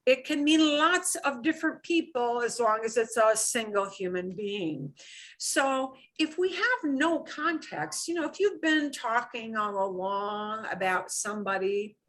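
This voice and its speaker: A middle-aged woman teaching a beginner Spanish class, modeling phrases slowly and clearly while explaining in English. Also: a little high, lively intonation, a bit bright. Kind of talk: beginner language lesson.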